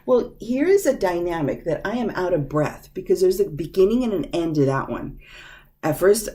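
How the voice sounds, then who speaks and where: A woman teaching an English grammar lesson, speaking patiently and deliberately and repeating each example sentence. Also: on the low side, sing-song, mellow. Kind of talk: slow, clear grammar lesson.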